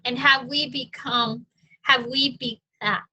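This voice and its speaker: A woman's voice: sits high, fairly even intonation, slow pace, bright, forceful tone, breathy edge, muffled recording. A young adult woman, a guest speaker, giving a casual, chatty personal testimony with fillers and frequent laughs.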